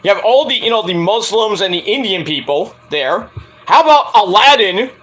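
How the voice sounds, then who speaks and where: A man's voice: high-pitched, expressive, normal speed, fairly bright tone. A man giving a rambling, joking casual livestream review of a wrestling show.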